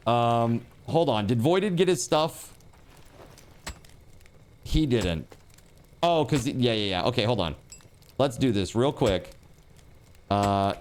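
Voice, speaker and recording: A man livestreaming and reading out donations in casual chat. He swears, says dude a lot, and bursts into laughter and shouting. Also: mid-range voice, slight background noise. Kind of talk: live stream donation reading.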